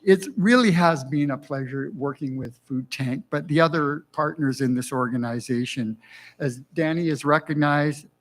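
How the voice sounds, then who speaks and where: A university dean giving formal welcome remarks on a conference stage, speaking through a sore mouth after dental surgery, warm with light humor. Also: male voice, on the high side, normal speed, poor audio.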